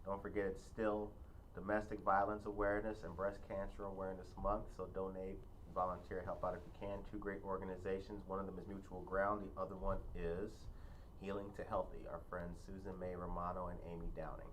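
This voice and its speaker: A man hosting a podcast in casual conversation, chiming in with quick affirmations. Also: deep voice, slight background noise, low-quality recording. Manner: relaxed, quick affirmations and laughter. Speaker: podcast host.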